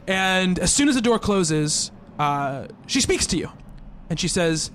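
A man's voice: sits high, big pitch swings, a little slow, fairly bright tone, a little hiss or hum. A man narrating as game master of a tabletop role-playing game, describing scenes in a playful manner. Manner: descriptive, playful, breaks into laughs.

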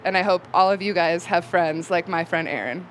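A woman's voice: on the low side, normal speed, heavy background noise. A young woman telling a personal story live on stage, casual and rambling with many fillers. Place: live event venue.

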